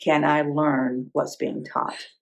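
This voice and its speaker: Fifties woman, crafts vlogger, reflective and rambling, with some vocal fry. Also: low-pitched, little pitch movement, slow pace, low-quality recording. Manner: rambling, self-correcting, laughs at herself. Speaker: quilting vlogger. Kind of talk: reflective casual chat.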